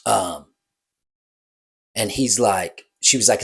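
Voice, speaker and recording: A man's voice: mid-range voice, lively intonation, moderate pace, long pauses, a bit bright, slightly rough. A man who works as a bartender, casually telling a story in a rambling, hesitant way and correcting himself.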